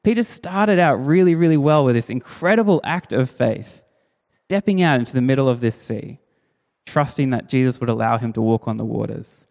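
Preacher's conversational sermon in a reverberant hall. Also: male voice, mid-range voice, moderate pace, vocal fry, darkish tone. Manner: conversational, emphatic, asks rhetorical questions. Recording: long reverb of a large hall.

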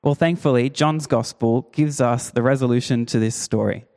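Pastor telling a Bible story. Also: male voice, medium pitch, normal speed. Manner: lively storytelling, acting out quotes. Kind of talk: sermon.

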